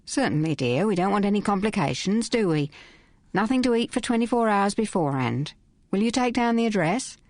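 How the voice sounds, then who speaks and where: A woman's voice: mid-range voice, moderate pace, a little mellow, no room sound, voice pushed up. A woman voicing an older woman on the telephone who sounds sympathetic and then businesslike, calling the caller dear. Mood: smooth, brisk. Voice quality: syrupy, businesslike. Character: older woman abortionist on the phone, falsely sweet.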